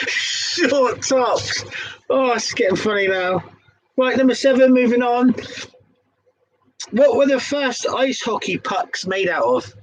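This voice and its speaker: A man's voice: extremely high pitch, expressive, slow pace, pauses often, a little hiss or hum, poor audio. Giggly Devon man hosting a quiz. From England. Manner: giggly and sweary, stumbling over words, frequent laughs. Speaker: pub quiz host. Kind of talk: casual quiz-reading chat.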